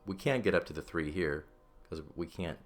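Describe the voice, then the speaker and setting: A man's voice: low-pitched, normal speed. A man teaching a recorded language lesson, explaining step by step and checking in often with "okay?" and "right?".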